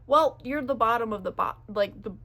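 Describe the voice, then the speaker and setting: A woman's voice: a little high, pushed and bright. A young woman telling a casual storytime rant, profane and exasperated as she vents. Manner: profane, exasperated, quick to vent.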